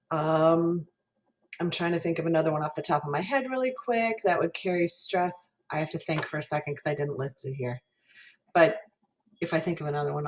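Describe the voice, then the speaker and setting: A woman's voice: deep voice, darkish tone, dull audio. A woman professor giving a lecture on singing diction, explaining patiently, demonstrating vowel sounds aloud and asking the class questions. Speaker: music education professor.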